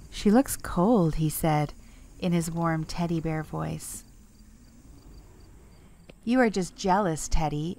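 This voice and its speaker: A woman narrating a storybook in a gentle, measured way. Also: low voice.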